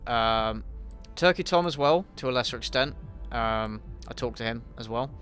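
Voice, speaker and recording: Sweary, blunt man with a bright voice. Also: mid-range voice, normal speed, faint music behind. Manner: blunt, sweary, hesitant with frequent ums and restarts. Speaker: YouTube channel host answering viewer questions. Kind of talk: casual livestream Q&A while gaming.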